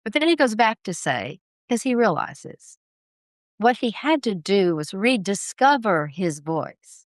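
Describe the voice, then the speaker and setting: A woman voice coach speaking in a podcast interview, with an expressive, emphatic teaching delivery. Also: mid-range voice, measured pace, no echo. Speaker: voice coach guest.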